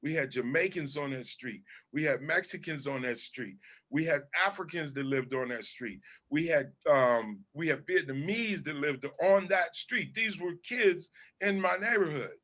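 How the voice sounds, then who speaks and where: A man from Southern California, a guest comedian chatting casually in an interview, telling animated stories and swearing freely. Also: on the high side, normal speed.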